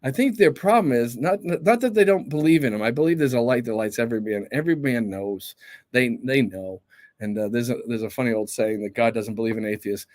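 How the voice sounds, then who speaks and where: A man leading a casual Bible talk as pastor, his voice climbing high and swooping widely as he reads. He breaks off mid-thought, asks his listeners questions and answers them himself. His tone sits a little above the usual male pitch. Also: big pitch swings, moderate pace. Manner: conversational, self-interrupting, rhetorical questions. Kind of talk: informal Bible study talk.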